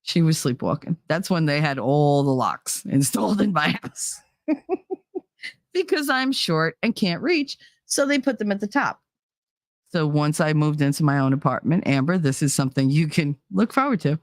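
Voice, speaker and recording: A woman streamer with a deep, animated voice talks at normal speed in clean, echo-free studio sound. Hosting her channel, she tells stories in a loose, rambling livestream chat, saying "you know" and "like" constantly and laughing now and then.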